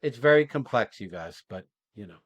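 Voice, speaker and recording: A man coaching actors after an exercise, talking casually and acting out quoted lines in animated bursts, often asking "right?" and swearing now and then. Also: medium pitch, moderate pace, no room sound, highs cut off. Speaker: acting coach and podcast host.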